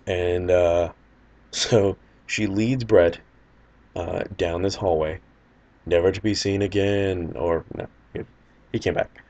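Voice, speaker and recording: A man's voice: deep voice, steady tone, slow pace, a little mellow, dull audio. A man casually telling a personal anecdote in a loose, rambling, wry way. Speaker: storyteller.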